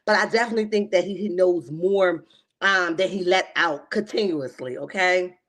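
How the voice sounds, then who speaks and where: A woman hosting a casual reality TV recap livestream, animated and slangy, often laughing and calling her viewers "honey.". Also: on the low side, normal speed. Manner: slangy and emphatic.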